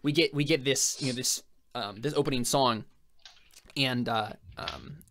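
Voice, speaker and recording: Young male game master, casual filler-heavy narrator, average pitch. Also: a bit bright, slight background noise. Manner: halting, filler-heavy storytelling.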